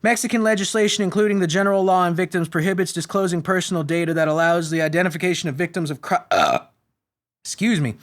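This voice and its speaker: A man's voice: high-pitched, fast talker. A man from the United States hosting a podcast, reading news articles aloud and adding sarcastic, profane comic commentary, often stumbling over names. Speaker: podcast host.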